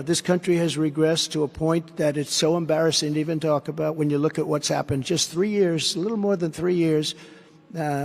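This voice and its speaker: High-voiced man giving a combative arena speech. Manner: combative, repetitive, sarcastic asides. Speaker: politician addressing a rally. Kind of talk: campaign rally speech. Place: large indoor arena. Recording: long arena reverb.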